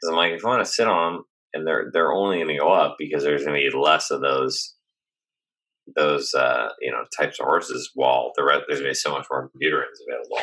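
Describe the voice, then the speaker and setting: A man co-hosting a podcast in casual chat, animated and rambling, often quoting himself. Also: very deep voice, brisk, husky, low-quality recording. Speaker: podcast co-host.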